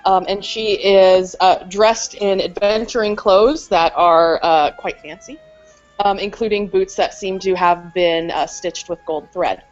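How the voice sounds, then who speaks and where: A woman's voice: mid-range voice, steady tone, measured pace, soft background music. A woman playing a tabletop game, chatty and giggly, hesitating with lots of fillers. The recording is slightly muffled. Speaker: player. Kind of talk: casual tabletop game play.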